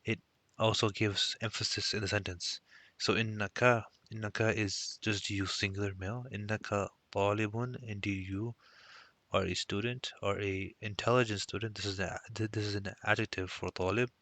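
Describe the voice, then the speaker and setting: A man's voice: lowish voice, flat delivery, fairly quick, fairly bright tone, dry recording. A man teaching a recorded language lesson, explaining step by step and mixing Arabic phrases into his English.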